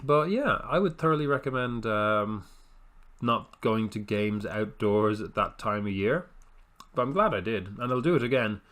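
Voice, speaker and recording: A man's voice: lowish voice, moderate pace, fairly bright tone. A man, talking casually over a football management game. He rambles, stops to correct himself and undercuts things with dry understatement. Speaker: gaming video host.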